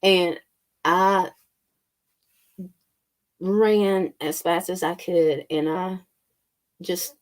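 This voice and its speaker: A woman telling a personal story in a slow, halting way with many fillers. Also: on the low side, fairly even intonation. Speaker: spiritual channel host. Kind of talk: casual storytelling.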